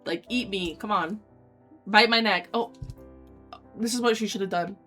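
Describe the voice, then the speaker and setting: A woman's voice: mid-range voice, normal speed, husky, soft background music. Woman streamer reading a dating game. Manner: dramatic read-aloud with loud excited asides. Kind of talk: reading a dating sim aloud with reactions.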